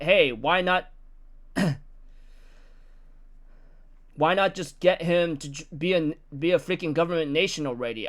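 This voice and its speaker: Young male manga reviewer, high voice, excitable, acts out quotes. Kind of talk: casual chapter recap.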